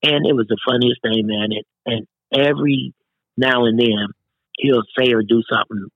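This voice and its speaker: Middle-aged male guest, earnest and chatty, mid-pitched voice, dry slightly dull recording. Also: fairly even intonation, moderate pace, breathy edge, dry recording. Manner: earnest, peppers speech with "man". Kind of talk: casual interview talk.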